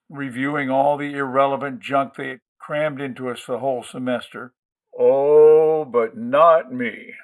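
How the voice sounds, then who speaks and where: A man's voice: mid-range voice, poor audio. Man reading a crude first-person story wryly. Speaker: audiobook reader and host. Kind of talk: scripted audiobook narration.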